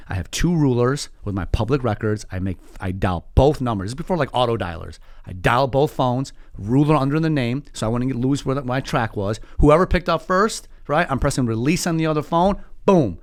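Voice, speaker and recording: A man in his forties from Iran, telling his story as a podcast guest in an animated, quick way, full of fillers and quoted voices. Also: mid-range voice, dry recording, studio quality. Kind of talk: casual storytelling.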